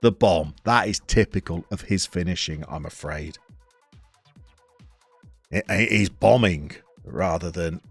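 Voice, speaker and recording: A man, live-streaming a football game, reading out viewers' messages and commenting on the match in a chatty, playful way with sudden bursts of excitement. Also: low-pitched, slow, creaky, pauses often, slightly rough, no echo, soft background music. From England.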